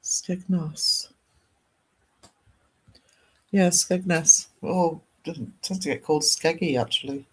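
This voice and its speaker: A man talks casually on his art livestream. His voice sits slightly high for a man. He chats in a rambling way and reads out viewer comments as he goes. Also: takes it slowly, long pauses, breathy edge.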